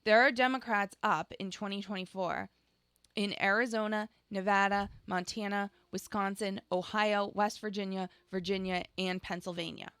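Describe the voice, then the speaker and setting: Brief: female podcast co-host, casual and giggly, crisp bright tone, no room sound. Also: mid-range voice, fairly even intonation, normal speed, no echo. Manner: chatty, laughing often, many fillers. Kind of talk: casual political chat.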